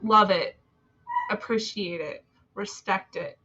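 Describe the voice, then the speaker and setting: A woman's voice: mid-range voice, takes it slowly, pushed and bright, slightly rough. Bubbly woman on a lo-fi stream. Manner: bubbly, gushing, chatty with fillers. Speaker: spiritual reader and live-stream host. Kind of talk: casual spiritual live-stream chat. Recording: dull lo-fi stream audio.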